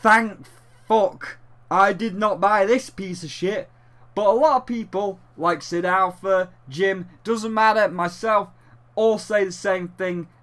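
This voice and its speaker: A man's voice: high voice, takes it slowly, fairly bright tone. A man reviewing a video game in a sarcastic, exasperated way, with plenty of swearing.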